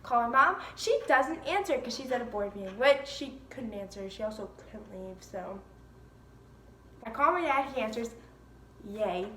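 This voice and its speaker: A teenage girl tells a casual story in a chatty, animated way, breaking into laughing asides. Her voice sits high. The room gives her an echoey sound, with faint ambience behind. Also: moderate pace, far from the mic, slight background noise. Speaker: vlogger.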